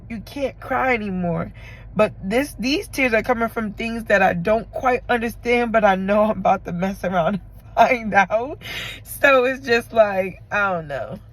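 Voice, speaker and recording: A woman talking to her camera in an emotional confessional vlog, tearful and halting as she rambles through her feelings. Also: medium pitch, poor audio. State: tearful from crying. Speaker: vlogger.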